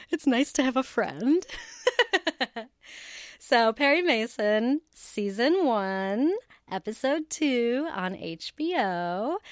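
A woman's voice: mid-range voice, no echo, studio quality. Bubbly woman hosting a solo podcast. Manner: bubbly, chatty, laughs often. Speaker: podcast host. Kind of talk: casual solo podcast chat. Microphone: headphones with cable, home recording setup.

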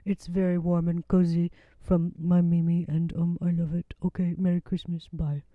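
A woman's voice: lowish voice, little pitch movement, moderate pace, no echo, phone-quality sound, close to an everyday voice. A woman voicing a shy sweet pet cat. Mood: cozy. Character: sweet cozy little female pet cat.

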